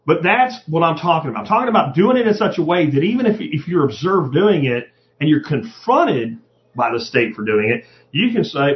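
A middle-aged man talks through his podcast with a rather high, very lively voice that swoops as he acts out other people mid-sentence. He swears freely and keeps it loose and conversational. The audio is dull and lo-fi. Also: fairly quick. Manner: profane, animated, acts out quoted voices. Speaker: podcast host. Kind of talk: casual monologue.

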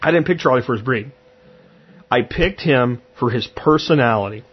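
A man's voice: medium pitch, animated, normal speed, husky, highs cut off. A man hosting a podcast, talking in a blunt, conversational way and acting out what he said. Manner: blunt, conversational, acts out his own quotes. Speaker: podcast host. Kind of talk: casual monologue.

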